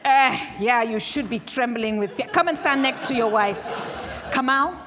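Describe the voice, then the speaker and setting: A woman storyteller playing a bossy village elder who loudly mocks and commands people on stage. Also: moderate pace, big-room sound, background noise, lightly acted. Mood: commanding. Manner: booming, teasing, commanding.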